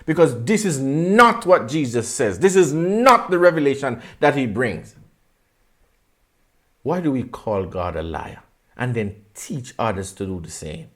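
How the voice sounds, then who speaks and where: A man's voice: medium pitch, sing-song, measured pace. A man preaching a sermon with passion, asking his listeners pointed rhetorical questions and repeating phrases for emphasis.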